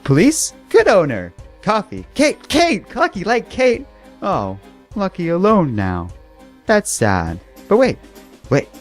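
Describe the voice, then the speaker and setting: A man voicing an excitable, simple-minded male pet dog that talks in broken one- and two-word bursts. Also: sits high, slow, faint music behind, voice pushed up, exaggerated voice. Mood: alarmed. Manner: broken baby-talk in short bursts of one or two words. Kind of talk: comedic voiced bit in a comic recap.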